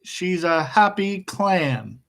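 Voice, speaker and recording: A male English teacher giving an online class, explaining slowly and patiently and chuckling often. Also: sits high, lively intonation, gravelly, fairly bright tone.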